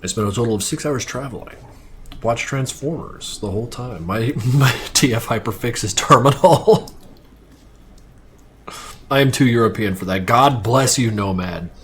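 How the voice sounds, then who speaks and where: A man's voice: medium pitch, normal speed, fairly bright tone, a little hiss or hum. A young man chatting casually on a livestream while he works, rambling, swearing freely and poking fun at himself. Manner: rambling, profane, self-mocking. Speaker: streamer animating on stream.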